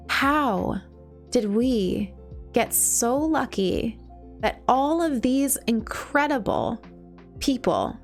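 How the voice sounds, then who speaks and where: Gushing, emotional woman streamer. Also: mid-range voice. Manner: gushing, emotional, laughs often. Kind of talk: casual live-stream chat.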